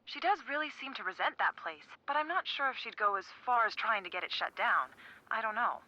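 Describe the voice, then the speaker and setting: Level-headed young woman friend, bright tone, game dialogue, slightly dull audio. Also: a little high, lively intonation, a little fast. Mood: thoughtful.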